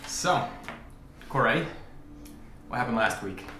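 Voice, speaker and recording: Lively male dungeon master, roomy sound. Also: medium pitch, takes it slowly, a little hiss or hum. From expat living in Japan. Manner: lively, upbeat, laughs often. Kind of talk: introducing a tabletop game show.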